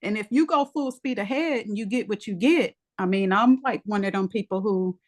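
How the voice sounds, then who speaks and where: Woman in a bible study chat, lively colloquial storyteller, mid pitch. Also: normal speed. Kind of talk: casual group discussion.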